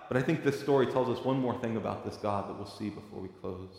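A male pastor delivering a sermon, moving between quiet, reflective passages and loud, emphatic preaching. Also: mid-range voice, brisk. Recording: echoey hall with long reverb.

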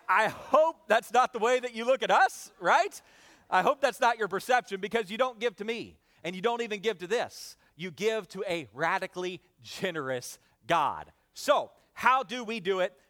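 A male pastor preaching a lively sermon, leading the congregation in repeated phrases and often filling pauses with "uh". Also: high-pitched. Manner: energetic, calls for responses from the congregation; frequent "uh" fillers.

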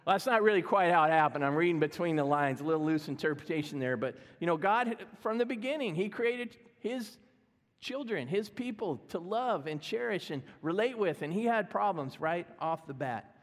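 A man's voice: sits high, lively intonation, moderate pace. A middle-aged man preaching a sermon as pastor, conversational, humorous and self-deprecating. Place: church sanctuary. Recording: long reverb of a church hall.

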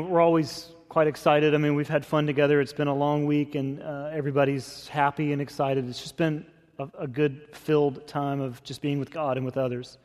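A man pastor preaching a sermon in a conversational, expressive way. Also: on the high side. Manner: conversational, expressive, acts out scripture quotes. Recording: long hall reverb.

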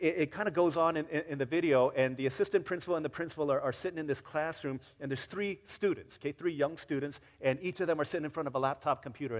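A man preaching a sermon, telling a story in a lively way and acting out the quoted voices. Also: a little high, in a large hall. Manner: animated storyteller, acts out quotes with rising excitement. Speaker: pastor. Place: church sanctuary.

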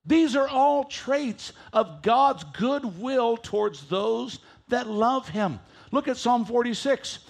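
A man's voice: extremely high pitch, lively intonation, slow, vocal fry, few pauses. A male preacher delivering a sermon. He reads scripture aloud and leads the congregation in reading it back with him.

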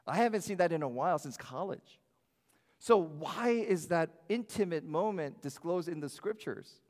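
A man preaching a sermon as pastor, animated and shifting his loudness, often acting out the voices of others. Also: on the high side, long reverb tail. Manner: animated, varies loudness, acts out quoted voices. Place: church sanctuary.

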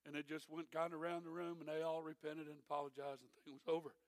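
A man's voice: fairly high pitch, little pitch movement, fast, no echo. A middle-aged man preaching a sermon as a pastor, telling folksy stories with dry humor.

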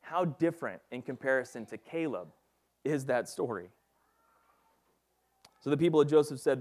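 A man's voice: medium pitch, expressive, normal speed, pauses often, darkish tone. A man giving a casual, conversational Bible teaching, reading passages and talking them through with lots of fillers. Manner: casual and chatty, with frequent fillers like "like" and "you know".

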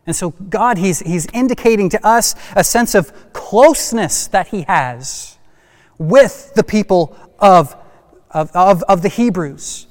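A male pastor preaching a sermon, asking rhetorical questions and building to animated emphasis, in a church sanctuary. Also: sits high, unhurried. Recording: long hall reverb.

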